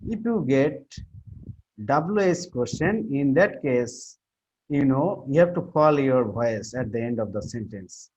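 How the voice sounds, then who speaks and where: A man's voice: medium pitch, animated, darkish tone, breathy edge. A man teaching a class on word stress and intonation, often repeating himself and restarting his sentences. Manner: halting, repeats himself, many fillers and restarts. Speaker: English teacher. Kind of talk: classroom lecture on pronunciation. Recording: muffled lo-fi recording.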